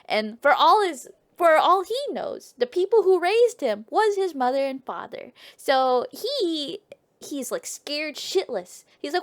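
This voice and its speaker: Young female streamer, lively storyteller, high bright pitch, swinging all over. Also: unhurried. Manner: playful, profane, trailing off and restarting. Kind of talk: casual comedic storytelling to a live chat.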